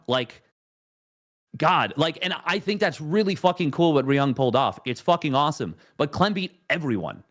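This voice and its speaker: A man's voice: fairly high pitch, animated, moderate pace, fairly bright tone. A man in a casual esports chat, ranting heatedly and swearing freely.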